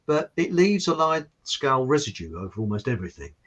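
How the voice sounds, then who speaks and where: A chat show host from Hertfordshire, England, speaks with an estuary English accent, rambling cheerfully and laughing often. His mid-range voice is brisk, very animated, and a bit bright, though the recording is rough.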